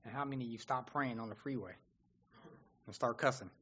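Man preaching, animated and conversational, bright tense voice, muffled lo-fi sound. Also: mid-range voice, fairly quick, husky. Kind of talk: sermon.

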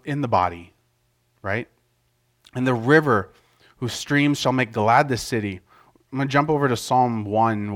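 A middle-aged man preaching a casual sermon in a conversational way, often restarting his sentences and acting out quotes loudly. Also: fairly low pitch.

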